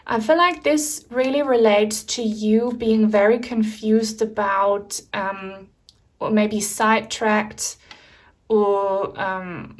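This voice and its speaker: A woman giving a pick-a-card tarot reading to camera, speaking softly with many pauses and fillers and sounding moved. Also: mid-range voice. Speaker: tarot reader.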